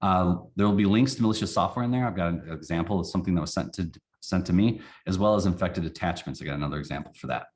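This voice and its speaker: Low-voiced man teaching a webinar. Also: fast, few pauses. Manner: folksy, animated explainer acting out examples. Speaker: company CEO presenting a webinar. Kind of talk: casual training webinar.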